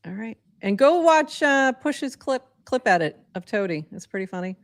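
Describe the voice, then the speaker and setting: A woman's voice: on the high side, big pitch swings, normal speed, dry recording, studio quality. A woman from southeastern Massachusetts co-hosting a podcast in casual chat, rambling and chatty with lots of fillers. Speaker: co-host.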